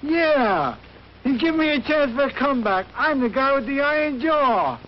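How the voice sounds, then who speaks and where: An actor playing a washed-up boxer who talks in slangy, boastful bursts, in a 1930s film style. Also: male voice, extremely high pitch, lively intonation, moderate pace. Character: punch-drunk washed-up boxer. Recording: dull, hissy old film soundtrack, off-mic.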